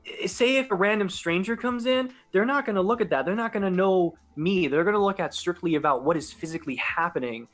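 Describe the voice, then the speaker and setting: A man's voice: high-pitched, fairly quick, hardly any pauses, fairly bright tone. Earnest young man rambling anxiously. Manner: earnest, rambling, self-doubting. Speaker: podcast guest and sports announcer. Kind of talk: casual podcast chat.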